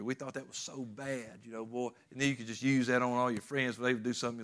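A man's voice: mid-range voice, brisk, a bit bright. A man preaching a sermon in a folksy, emphatic storytelling way.

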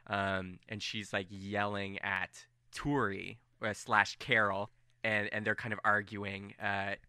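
A young man narrating as game master of a tabletop game, animated and rambling with fillers. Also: fairly low pitch, clear, resonant tone, dry recording, studio quality.

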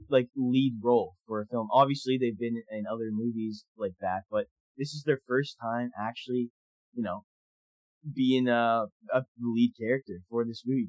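A young man co-hosting a casual film discussion, chatty and animated, laughing often as he talks. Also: medium pitch, no echo, highs cut off. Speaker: podcast co-host.

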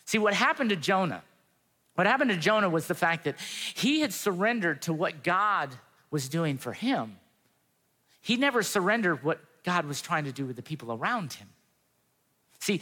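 A man's voice: sits high, big pitch swings, moderate pace, sharp tone. A pastor giving a sermon in an earnest, conversational way, acting out the quotes he tells. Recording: long reverb of a hall.

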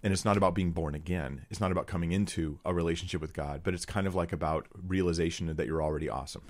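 Blunt deep-voiced man critiquing a teaching. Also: fast, few pauses. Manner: blunt, sarcastic, addresses viewers as guys. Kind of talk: critical Bible commentary to viewers.

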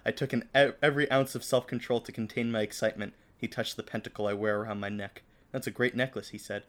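A man's voice: medium pitch, fairly even intonation, fast. A man co-hosting a podcast, reading fan fiction aloud with theatrical flair and breaking into laughter. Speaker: podcast co-host.

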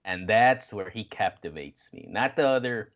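A man with a somewhat low voice talking loosely on a podcast. His talk is profane and animated, full of restarts and laughter. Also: normal speed, highs cut off. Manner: profane, animated, acts out quotes in put-on voices. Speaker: podcast co-host. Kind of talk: casual chat.

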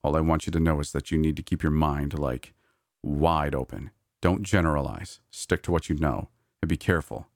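A man voicing a gruff, blunt male coworker in a horror story, speaking curtly and swearing. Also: very deep voice, moderate pace, no echo, clean studio sound. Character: gruff, wary male park manager.

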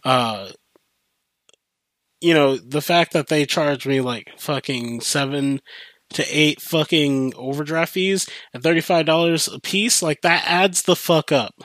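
A young man hosting a podcast, telling a rambling, profane story in a casual, animated way with many restarts. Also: on the high side, measured pace, no room sound. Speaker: podcast host.

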